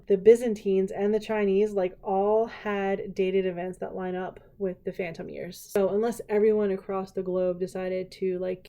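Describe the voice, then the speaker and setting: A woman hosting a casual solo podcast, chatty and jokey, full of "like" and quick asides, often laughing. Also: mid-range voice, dark tone. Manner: laughs often and slips into silly put-on voices. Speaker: podcast host.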